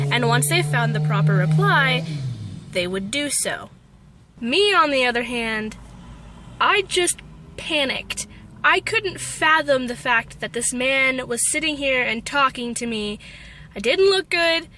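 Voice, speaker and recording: High bright young American woman. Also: measured pace. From Texas. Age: young adult. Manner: self-deprecating, animated storytelling. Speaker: vlogger. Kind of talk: storytelling vlog.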